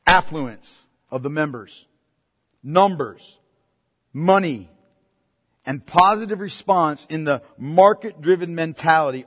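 A man's voice: fairly high pitch, breathy edge. A male pastor preaching a sermon, emphatic and full of rhetorical questions put to the congregation. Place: church sanctuary. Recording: long reverb in a large hall.

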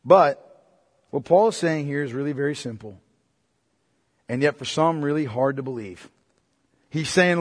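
A man preaching a sermon as pastor, emphatic and repetitive, swinging between loud and hushed delivery. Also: fairly high pitch, normal speed, pauses often, long reverb tail.

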